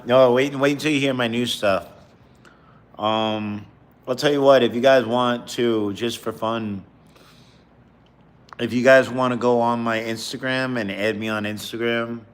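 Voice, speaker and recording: A man who is a comedian chatting casually on a live stream, rambling and talking between bites of food. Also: lowish voice. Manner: rambling, talks while eating.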